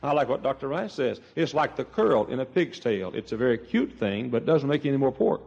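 Animated preacher in a reverberant church. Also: male voice, mid-range voice, brisk, gravelly, husky, highs cut off. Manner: storytelling, acts out voices, many restarts. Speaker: pastor. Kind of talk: sermon. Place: church sanctuary.

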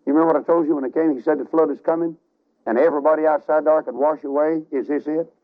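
A man's voice: fairly high pitch, fairly even intonation, very fast, close to an everyday voice. A man voicing a young boy who urgently questions his father, on a tinny radio broadcast recording.

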